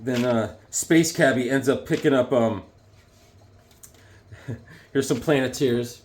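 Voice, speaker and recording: A man's voice: mid-range voice, takes it slowly. A man casually chatting as he shows off his comic book collection, rambling and enthusiastic. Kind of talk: casual show-and-tell chat.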